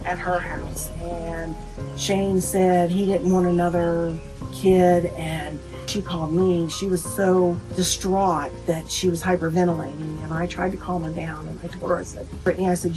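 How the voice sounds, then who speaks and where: Over music in a low-quality recording, a middle-aged mother of a murder victim speaks in a flat delivery at a moderate pace, her voice on the low side. In this interview she plainly retells family conversations, giving each person's words as quoted speech.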